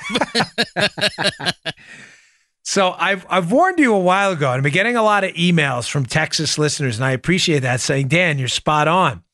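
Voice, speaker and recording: Male political talk host, indignant and animated, high bright voice. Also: normal speed, pauses often. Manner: animated, indignant, often addresses listeners as folks. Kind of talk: political commentary talk show.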